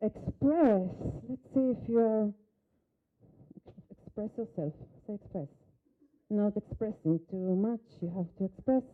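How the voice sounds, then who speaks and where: A woman's voice: medium pitch, unhurried, phone-quality sound, a little hiss or hum. Woman facilitator coaching in thin audio. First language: Hebrew. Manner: coaching, short instructions and questions to a volunteer. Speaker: workshop facilitator. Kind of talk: live workshop demonstration. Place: conference hall.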